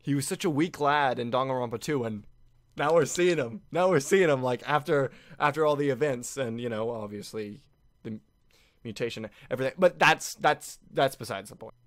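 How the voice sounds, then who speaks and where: A man giving casual reaction commentary on an anime finale, excitable and often laughing. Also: mid-range voice, normal speed. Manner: excitable, laughing, with frequent restarts.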